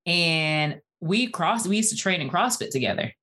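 A woman in her forties speaks as a podcast guest, passionate and talkative, drifting into casual phrases. Her voice sits a little low. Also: animated, moderate pace, pushed and bright. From Atlanta area, USA. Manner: passionate, talkative, uses "y'all". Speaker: guest, physical therapist. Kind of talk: casual interview conversation.

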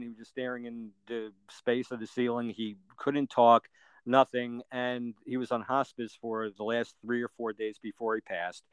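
A man's voice: mid-range voice, clear, resonant tone, dry recording, rough recording. A middle-aged man, a podcast guest, telling a personal story earnestly and plainly, step by step, with everyday fillers.

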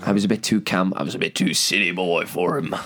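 A man's voice: sits low, steady tone, quick pace, fairly bright tone. A man with an Australian accent co-hosting a podcast, telling stories in a wry, teasing way. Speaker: podcast co-host. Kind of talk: casual podcast chat.

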